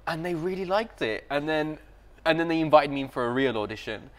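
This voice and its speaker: A man's voice: on the high side, lively intonation, brisk. A young man, an actor guest reflecting casually in an interview and laughing easily.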